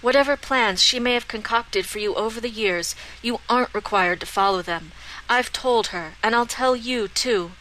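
A woman's voice: on the high side, moderate pace, pushed and bright, a little hiss or hum, low-quality recording. A woman voicing a powerful, possessive queen who speaks in a commanding tone that defies any challenge.

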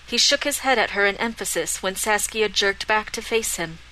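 Bright-voiced woman narrating a fantasy novel. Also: mid-range voice, moderate pace, slight background noise, poor audio. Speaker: audiobook narrator.

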